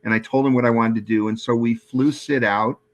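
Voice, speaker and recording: A man at a middle pitch, asking questions and sharing memories with an old coworker. His tone stays relaxed and easygoing, and he often laughs along with the stories. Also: brisk. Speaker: interviewer, former colleague. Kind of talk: conversational interview.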